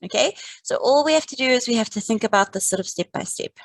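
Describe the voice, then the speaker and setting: A woman teaching a live online maths lesson, calmly and encouragingly talking students through each step. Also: fairly high pitch, fast, dry recording, low-quality recording. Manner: encouraging, calm, talks students through steps.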